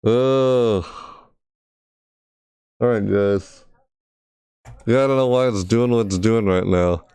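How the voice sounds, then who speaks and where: A gaming streamer with a fairly low, slow, warm and resonant voice gives casual live-stream commentary from his computer, recorded clearly at studio quality with no room sound. Frustrated, he thinks out loud, talks to chat, and says words again and again as he tests.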